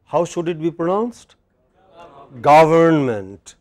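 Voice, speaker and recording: A man's voice: fairly high pitch, animated, unhurried, a little mellow. A man with an Indian English accent giving a classroom lecture on pronunciation, patiently asking his students questions and modelling words for them. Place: university classroom.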